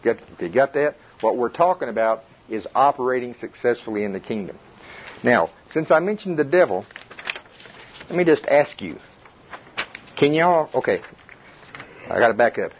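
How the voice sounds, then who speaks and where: In a dull, lo-fi recording with slight background noise, a man runs a casual Bible study for a small indoor group. He's folksy and expressive, medium-pitched, moderately paced, pausing often, repeating himself, restarting, and putting questions to his listeners.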